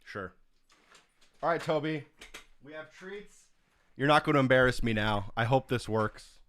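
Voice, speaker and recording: Lively man coaxing his dog. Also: measured pace, pauses often. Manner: talks to his dog in high coaxing commands. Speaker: streamer. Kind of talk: casual live stream chat. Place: home office.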